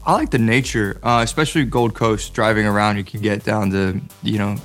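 An American actor speaking as an interview guest, laid-back and playful, with casual slang and many fillers. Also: male voice, on the low side, steady tone, fairly quick, a bit bright, faint music behind.

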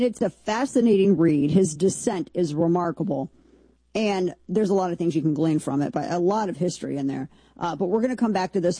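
A woman hosting her own talk show, her voice low-pitched and mellow with a husky edge. She talks emphatically and indignantly, firing off rhetorical questions. The sound is dry and close. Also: no room sound. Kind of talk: opinionated political commentary.

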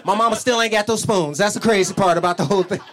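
A man doing a stand-up comedy set, animated and profane, jumping into high squeaky voices when he quotes people. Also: fast talker. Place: comedy club stage. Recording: roomy club sound with a laughing crowd.

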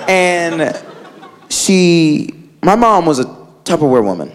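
A man's voice: on the high side, lively intonation, moderate pace. A man doing a stand-up comedy set on a club stage, telling a story with lots of filler words and acting out his family's voices. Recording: live club with loud crowd and noise. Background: audience laughter.

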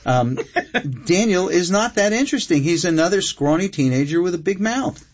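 An older man, a writer guest, talking reflectively and emphatically, slowing down to drive points home. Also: sits high, expressive, slightly rough. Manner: expansive, emphatic, slows down for key points. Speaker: screenwriter guest. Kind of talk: reflective interview talk. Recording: dull lo-fi sound.

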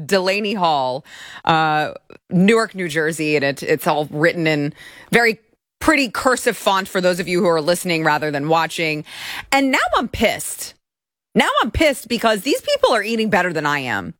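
Woman commentary host, lower voice, sarcastic and indignant, dry close sound. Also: fairly bright tone, no room sound. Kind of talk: opinionated political commentary.

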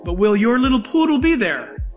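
A man's voice: very high-pitched, very animated, normal speed, darkish tone, muffled recording, soft background music. A male pastor preaching a sermon to a congregation, emphatic and joking with the room.

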